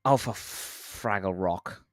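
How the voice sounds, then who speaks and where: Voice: deep voice, slow pace, dry recording, clean studio sound. A game streamer chatting casually while playing, answering chat, counting down jumps and making playful sound effects.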